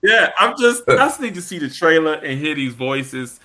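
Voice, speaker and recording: A man hosting a casual show, talking in an animated way and laughing often. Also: a little high, normal speed. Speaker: podcast host. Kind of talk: casual chat.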